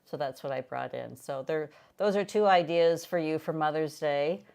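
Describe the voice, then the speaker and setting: A woman's voice: deep voice, moderate pace, creaky, a little mellow, clear, resonant tone. An older woman from the United States hosting a casual live-stream chat, talking in a meandering, chatty way with frequent restarts. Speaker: host.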